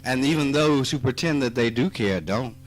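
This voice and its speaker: A man with a Southern US accent giving a spiritual talk, slow and emphatic, teasing his listeners and rising into animated outbursts. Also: mid-range voice. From Mississippi. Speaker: spiritual teacher. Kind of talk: spoken dharma talk. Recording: archive talk recording with faint music.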